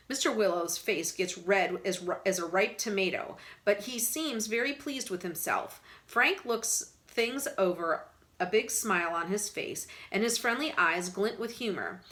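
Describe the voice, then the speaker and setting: A teacher reading a novel aloud to her students in an expressive way, pausing to explain words to them. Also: medium pitch.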